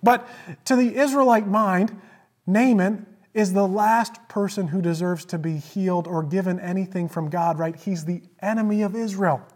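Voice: medium pitch, normal speed. Preacher retelling a scripture story. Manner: storytelling with emphatic repetition; swings between loud emphasis and hushed asides. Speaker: pastor. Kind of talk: sermon.

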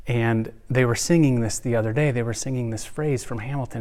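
A man's voice: mid-range voice, steady tone, a little fast, hardly any pauses. Earnest man preaching a sermon. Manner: earnest, swings between soft hushed lines and rising emphasis. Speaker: pastor.

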